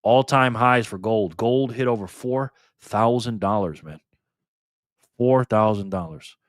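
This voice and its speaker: A man's voice: fairly low pitch, a little slow, no echo, studio quality. An older man hosting a live stream in a casual, chatty way, thanking viewers by name and swearing now and then.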